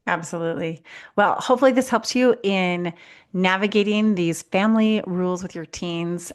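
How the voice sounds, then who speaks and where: A woman life coach co-hosting a podcast, giving earnest, reassuring advice in a calm, conversational way. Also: on the low side, normal speed, clear, resonant tone. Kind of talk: casual podcast chat.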